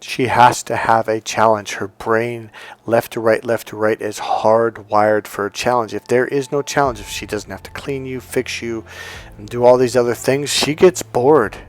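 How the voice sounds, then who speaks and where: A man's voice: medium pitch, fairly even intonation, moderate pace. A man who works as a dating coach tells a story in a casual monologue, emphatic and repeating key words.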